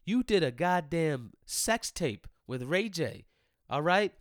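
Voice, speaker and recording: A man ranting casually and comedically to his listeners, profane and animated, swinging between loud outbursts and low mumbled asides. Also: slow pace, no echo, clean studio sound.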